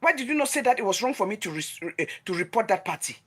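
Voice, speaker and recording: A woman with a Nigerian accent, a husky, slightly breathy voice pitched in the middle range. She scolds her target directly in a heated vlogger rant, hammering her points with repeated phrases. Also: sing-song, fast talker, fairly bright tone. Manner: confrontational, scolding, emphatic repetition. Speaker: vlogger running a gossip news channel.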